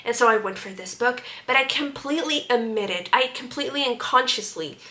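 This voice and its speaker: Bright, animated young woman. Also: a little high, fairly quick. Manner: animated, sarcastic, exasperated. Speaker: book reviewer. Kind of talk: casual ranting book review.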